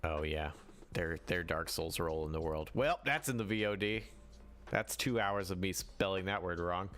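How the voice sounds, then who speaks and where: A man's voice: deep voice, normal speed, fairly bright tone. A man hosting a casual livestream about running tabletop games, rambling and restarting his sentences as he answers viewer chat. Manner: rambling, with frequent restarts and self-corrections. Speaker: livestream host.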